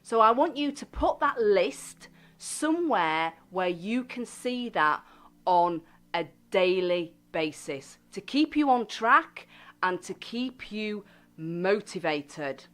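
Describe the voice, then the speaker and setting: A woman hosting a self-help radio show, speaking gently and deliberately and stressing key words. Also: mid-range voice, lively intonation.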